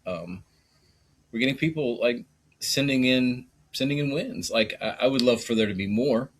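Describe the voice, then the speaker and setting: A podcast co-host chats casually and easygoingly, laughing often and restarting his sentences. His voice is mid-range at normal speed.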